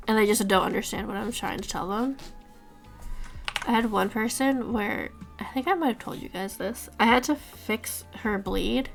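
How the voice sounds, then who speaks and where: A woman streamer in her thirties talks casually while she edits, ranting and swearing about work. Her voice sits a little high and has a gravelly, fried edge. Faint music plays behind her. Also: moderate pace. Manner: ranting, swearing, laughing through stories. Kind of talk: casual chat while editing.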